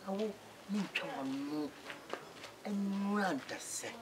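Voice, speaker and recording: A woman's voice: mid-range voice, expressive, takes it slowly. A woman with a Ghanaian accent in a dramatized skit, complaining and pleading about her home life. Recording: noisy background.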